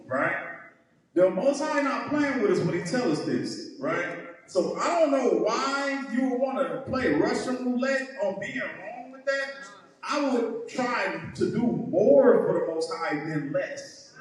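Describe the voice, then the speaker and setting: A man teaching a heated Bible lesson, emphatic and mocking, often tagging his points with "right?". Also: high-pitched. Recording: echoey hall, mic far off.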